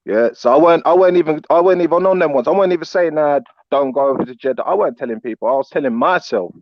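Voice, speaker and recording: A man's voice: fairly high pitch, rapid-fire, few pauses, dry recording. A man joins an online panel, speaking in easy, streetwise slang. His call audio comes through dull and dry. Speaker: panel guest. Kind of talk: casual online panel chat.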